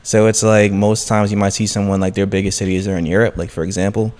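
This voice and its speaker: Candid low-voiced man from Brooklyn. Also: level tone, fast, a little mellow. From Brooklyn, New York. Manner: candid, reflective. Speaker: musician guest. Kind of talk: casual round-table chat. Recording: long hall reverb.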